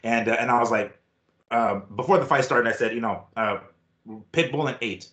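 A man's voice: medium pitch, moderate pace, fairly bright tone, roomy sound, lo-fi sound. A man co-hosting a boxing talk show in casual chat, rambling and swearing with lots of fillers and restarts.

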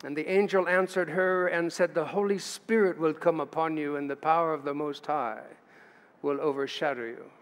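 Man, pastor, sermon, chatty asides, fairly high voice, long church reverb. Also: fairly even intonation, moderate pace. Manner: conversational preaching with asides to the congregation. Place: church sanctuary.

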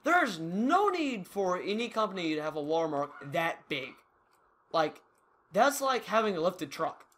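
A man's voice: high-pitched, big pitch swings, a little slow, a bit bright. A young man giving casual, rambling, self-mocking commentary over his own gameplay. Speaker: gaming YouTuber.

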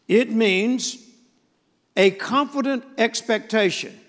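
An older male pastor delivers a sermon in a high, ringing voice that carries through a long church reverb. His delivery is folksy and emphatic, and he keeps turning to the congregation for a response. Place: church sanctuary.

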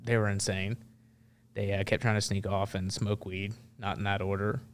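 A man's voice: on the low side, little pitch movement, normal speed. A man in his thirties, a guest on a podcast, telling war stories casually with lots of fillers and restarts. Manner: rambling, heavy on fillers like "like" and "uh". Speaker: guest, Marine veteran. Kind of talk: casual storytelling in conversation.

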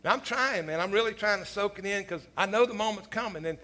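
High, bright-voiced man preaching. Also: quick pace. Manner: animated storytelling, peppered with "man" and "you know"; self-deprecating humor, laughs at his own stories. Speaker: pastor. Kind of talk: sermon.

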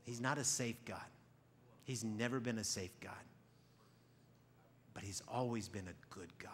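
A man preaching a sermon to a congregation, animated, swinging from loud exclaiming to quiet near-whispers, often repeating words as he starts a phrase. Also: fairly low pitch, unhurried, pauses often, a little hiss or hum. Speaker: pastor. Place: church hall before a congregation.

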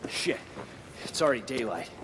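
An actor playing a veteran squad leader who talks in clipped military orders in a game cutscene. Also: male voice, medium pitch, sing-song, moderate pace, natural voice. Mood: commanding. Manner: clipped, commanding military talk. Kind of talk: video game cutscene acting. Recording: long reverb, faint background noise.

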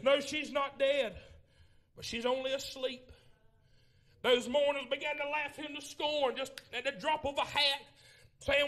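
High-voiced preacher, shouting and hushing. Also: male voice, measured pace. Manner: storytelling with swings between shouting and low murmurs. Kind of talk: Pentecostal sermon. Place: church sanctuary.

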